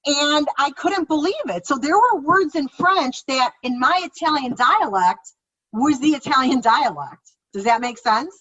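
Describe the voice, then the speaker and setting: A woman children's author chatting casually on a podcast, telling stories in an animated, excitable way and acting out her own past reactions. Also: high voice, measured pace. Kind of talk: casual conversational storytelling. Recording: slightly muffled, dull podcast recording.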